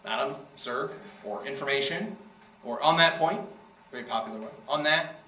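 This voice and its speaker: A man's voice: mid-range voice, moderate pace, pushed and bright, a little hiss or hum. A man giving a casual classroom lecture on debating, joking and acting out quoted speakers. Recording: echoey room from far off.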